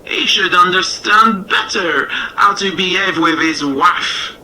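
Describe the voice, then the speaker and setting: A man's voice: high-pitched, takes it slowly, sharp tone, a little hiss or hum, exaggerated voice, low-quality recording. A man voicing a proud, boastful farmyard cockerel in a storybook reading. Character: proud strutting male cockerel.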